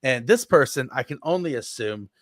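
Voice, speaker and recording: A man's voice: medium pitch, expressive, moderate pace, a bit bright, no echo. Male podcast co-host, casual and playful, dry close recording. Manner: playful, jokey exaggeration.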